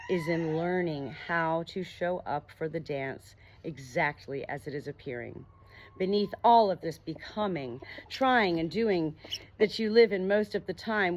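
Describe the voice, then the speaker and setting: A woman reading an audiobook, voicing a gentle, wise male monster with a soft, melodious, slow and soothing voice. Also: low-pitched, slight background noise. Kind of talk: audiobook narration.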